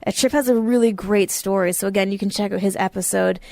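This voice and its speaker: A woman co-hosting a podcast in casual chat, upbeat, with quick replies. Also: medium pitch, steady tone, creaky, dark tone, no echo. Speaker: podcast co-host.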